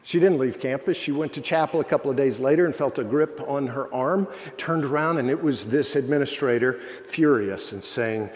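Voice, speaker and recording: A man preaching a sermon as pastor, telling stories earnestly and dropping his voice low when quoting others. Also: moderate pace, few pauses, big-room sound.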